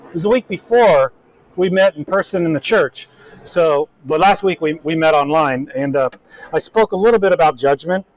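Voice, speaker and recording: A man's voice: fairly high pitch, normal speed, rough recording. A man preaching a casual, folksy sermon as pastor, chatting with the congregation through frequent restarts and asides.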